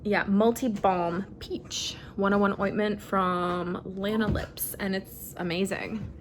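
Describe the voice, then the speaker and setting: A young woman chatting casually on a phone camera at home, giggly and full of fillers, at times dropping to a soft murmur. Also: medium pitch, fairly even intonation, slow, noisy background. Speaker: vlogger. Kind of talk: casual vlog chat.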